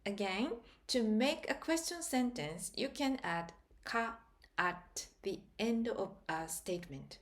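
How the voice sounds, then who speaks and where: Woman language teacher, slow deliberate delivery, mid-pitched, patient explanations. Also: animated. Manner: patient, spells out and repeats example sentences slowly. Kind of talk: slow grammar lesson narration.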